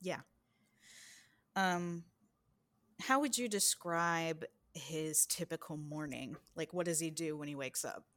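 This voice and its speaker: A woman acting as game master, calmly asking a player relaxed questions about her character. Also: deep voice, slow pace, pauses often. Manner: relaxed, asks gentle questions. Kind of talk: easygoing game-master prep talk.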